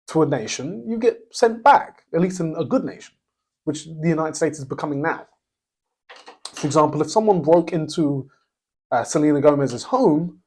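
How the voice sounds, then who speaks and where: A man's voice: on the high side, a little mellow, breathy edge. A man hosting a podcast, giving a blunt, opinionated commentary monologue with many restarts and a habit of tagging sentences with "right?". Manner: blunt, repeats "right?" as a tag question; halting, with many restarts and fillers. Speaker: podcast host.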